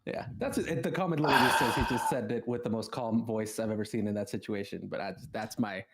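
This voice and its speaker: A man's voice: lowish voice, quick pace, slight background noise. A man co-hosting a livestream who casually reads viewers' comments aloud in an easygoing way. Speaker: livestream co-host reading comments.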